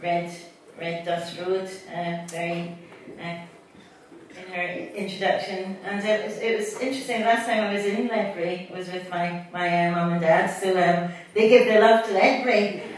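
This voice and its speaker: A woman's voice: on the low side, fairly even intonation, moderate pace, a little hiss or hum. A middle-aged Scottish woman poet, chatty and self-mocking between readings, speaking to a live audience. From Scotland. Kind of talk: poetry reading with chat between poems. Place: event hall with a live audience. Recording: echoey hall, distant mic, faint audience.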